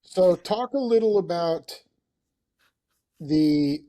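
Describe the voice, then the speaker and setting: A man's voice: fairly high pitch, animated, takes it slowly, dark tone. A male host who asks his guest questions and explains recovery ideas in a reflective way. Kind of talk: interview questions.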